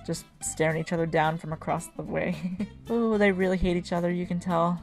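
A woman's voice: lowish voice, fairly even intonation, fairly quick, a little mellow. A woman hosting a video game channel, giving chatty, casual let's-play commentary and giggling often. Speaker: gaming channel host. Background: faint game music.

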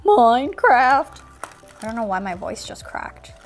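A woman's voice: mid-range voice, steady tone, brisk, faint music behind. A woman hosting a toy unboxing video, narrating in a silly, playful way and making sound effects.

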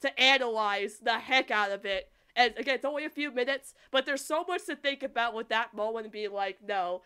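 A woman hosting a podcast, chatting casually about a cartoon in an animated, rambling way. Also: on the high side, clean tone. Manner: animated, rambling, quick to laugh. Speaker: podcast host.

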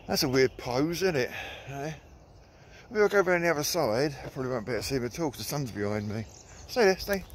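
A man's voice: medium pitch, expressive, fast talker, slight background noise. Chatty man out walking his dog. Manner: chatty, coaxing the dog in a sing-song voice. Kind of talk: casual running commentary. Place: outdoors in countryside with old trees.

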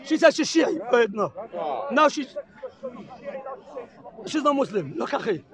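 A man's voice: very high-pitched, expressive, takes it slowly, gravelly. A man with an Arabic accent, preaching heatedly and insistently to a crowd outdoors in a public park, repeating his points. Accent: Arabic-accented English. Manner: impassioned, insistent, repeats himself. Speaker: street preacher debating a crowd. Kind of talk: heated street debate.

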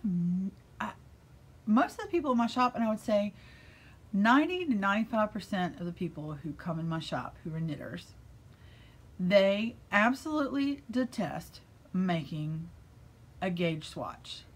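A middle-aged American woman who owns a yarn shop, chatting casually and enthusiastically about knitting in her shop, gushing with breathy asides. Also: medium pitch, expressive, measured pace. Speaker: yarn shop owner and vlogger.

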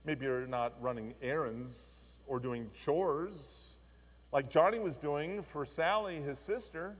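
A male pastor giving a sermon, telling a story in an expressive, animated way. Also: medium pitch, takes it slowly, slightly rough. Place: church. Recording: long church reverb.

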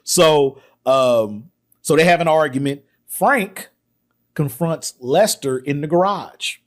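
A man hosting a podcast, excitedly retelling a film's scenes in casual talk, acting out the lines. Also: fairly high pitch, takes it slowly. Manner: excited retelling with acted quotes, laughs often. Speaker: podcast host. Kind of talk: casual film discussion.

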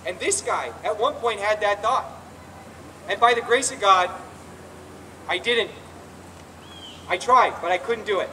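An unhurried man with a high, pushed, bright voice pauses often while giving an earnest, confessional testimony at a recovery rally in a public square. He frequently restarts his sentences. The distant outdoor recording has faint ambience and slight background noise.

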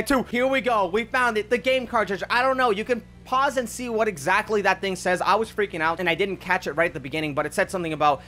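A high-pitched, excitable gaming video creator gives walkthrough commentary on gameplay, speaking directly to his viewers and calling them guys and ladies and gentlemen.

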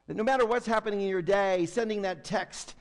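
A man preaching a sermon as pastor, building to loud emphatic lines and then dropping to soft, quiet tones. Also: high voice, fairly quick. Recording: long hall reverb with faint hum.

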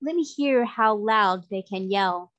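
A woman voicing an ancient, cruel male sea magician who speaks softly and sweetly with mockery, in a storybook reading. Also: medium pitch, unhurried, lightly acted. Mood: smug. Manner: sweet-voiced and mocking.

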